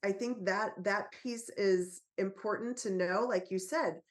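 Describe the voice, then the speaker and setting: A woman speaking in an everyday middle-pitched voice, earnest and reassuring. She talks as a podcast guest and tells personal stories about raising her child. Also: measured pace. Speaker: podcast guest, parenting author. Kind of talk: casual podcast conversation.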